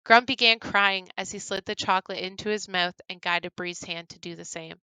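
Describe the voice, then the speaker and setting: A woman reading her own horror story aloud, turning hushed and grave in the dark passages. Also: mid-range voice, fairly even intonation, moderate pace, hardly any pauses, clean tone, no room sound, rough recording. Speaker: horror story writer and reader.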